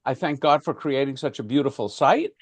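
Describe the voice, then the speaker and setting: A man leads an informal class, explaining ideas in a conversational way and often restarting his sentences. His voice sits at an ordinary pitch, and the sound is dry and close. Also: expressive, a little fast, no echo. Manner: conversational, with frequent restarts and fillers. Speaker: class teacher.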